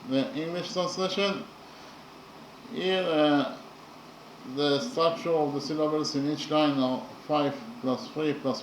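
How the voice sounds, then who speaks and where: A man explains a poem in a slow, careful lesson. He pauses often and spells out letters one at a time. His voice is fairly high, and the recording sounds roomy, with faint background noise. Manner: halting and deliberate, with frequent pauses and "uh".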